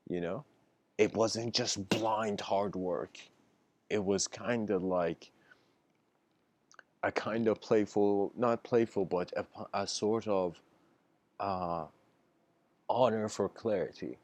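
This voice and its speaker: In an informal lecture, a man with a very low, slightly mellow voice tells a story, often breaking into laughter and slipping into quick quoted voices for his characters. His casual talk is full of "like," "you know," fillers and restarts, and the recording is dry.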